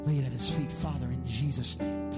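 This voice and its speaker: A man preaching in a church, moving from hushed storytelling to loud, fervent altar-call exhortation. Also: mid-range voice, steady tone, fairly quick, loud music behind the voice. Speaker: pastor. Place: church service with music behind.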